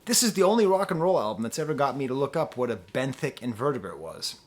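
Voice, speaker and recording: A man reviews an album casually to camera, rambling, digressing and using lots of fillers, earnest and almost pleading in his enthusiasm. His medium-pitched voice swings widely in pitch and he talks fast.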